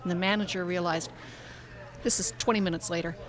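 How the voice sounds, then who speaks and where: A woman co-hosting a podcast, brisk and dry, with self-deprecating humor. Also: fairly low pitch, steady tone. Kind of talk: casual panel chat.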